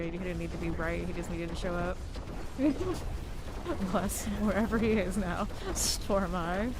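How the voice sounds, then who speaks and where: A woman's voice: fairly low pitch, noisy background. A woman from Florida streaming a game, chatting casually and rambling through side stories while she plays. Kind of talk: casual gameplay commentary.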